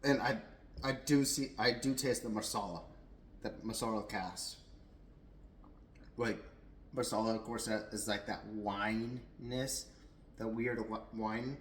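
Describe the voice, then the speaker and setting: A man's voice: lowish voice, reverberant, a little hiss or hum, poor audio. A young adult man giving a casual, rambling whiskey tasting review at home, a little tipsy, with lots of fillers and restarts.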